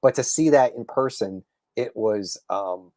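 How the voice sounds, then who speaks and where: A man, a comic book writer and guest on a casual podcast interview, telling stories with lively acted-out quotes and many restarts. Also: on the low side, a little slow, no echo, clean studio sound. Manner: animated storyteller, acts out quotes, frequent restarts.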